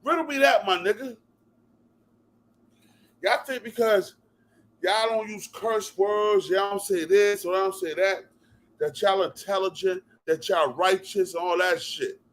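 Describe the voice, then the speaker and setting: A man's voice: sits high, measured pace, long pauses, fairly bright tone. Heated New Jersey man ranting. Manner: heated, repetitive, punctuates with "yo" and "bruh". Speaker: vlog commentator. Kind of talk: profane rant to camera.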